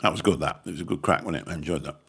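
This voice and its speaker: A man's voice: extremely low pitch, rapid-fire, vocal fry, bright, forceful tone, husky. A man with a Birmingham accent, rambling casually as he chats with viewers on a livestream, swearing mildly. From Birmingham, England. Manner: rambling, chatty, mild swearing. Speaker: channel host chatting with viewers.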